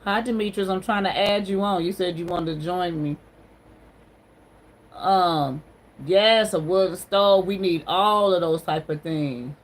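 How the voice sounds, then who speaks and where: Lower-voiced woman chatting on a livestream. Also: measured pace, rough recording. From Ohio. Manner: warm, encouraging, sermon-like. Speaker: livestream host. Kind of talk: casual livestream chat with viewers.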